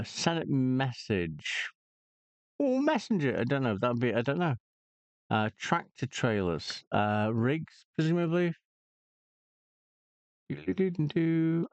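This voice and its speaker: Man, casual game commentary, self-talking, hesitant, lively pitch, dry close sound. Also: takes it slowly, no room sound. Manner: mutters clues aloud, hesitant, self-talking. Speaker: gaming channel host. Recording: dull lo-fi dry recording.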